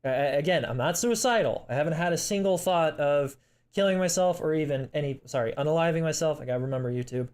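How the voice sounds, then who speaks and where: A man's voice: on the high side, fast talker, a little mellow, smooth. Young man, vlog confession, shaky and tearful, stumbling restarts, swearing, apologetic. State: emotional, tearing up. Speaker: vlogger.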